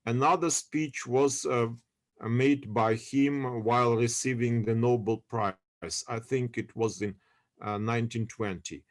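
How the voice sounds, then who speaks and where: Over a video call, a male university lecturer teaches an online class in a slow, steady voice of middling pitch. He's halting, pausing often to search for English words and using many fillers, and he keeps checking that his students are following.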